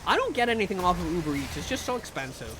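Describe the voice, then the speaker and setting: Male live streamer with a high voice, chatty and profane, over a noisy background. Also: fast. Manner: rambling and profane, with excited sing-song greetings. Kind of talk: casual chat with live viewers.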